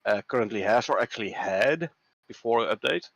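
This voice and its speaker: Relaxed Dutch man, dry close mic. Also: lowish voice, brisk, vocal fry, dry recording. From Netherlands. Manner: relaxed, reads patch notes aloud with hesitant fillers. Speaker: livestream co-host. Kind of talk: casual gaming livestream chat.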